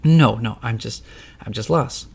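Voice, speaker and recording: A man's voice: mid-range voice, a little slow, vocal fry, darkish tone, slightly rough, soft background music. A man voicing a nervous teenage boy who talks hesitantly and stammers.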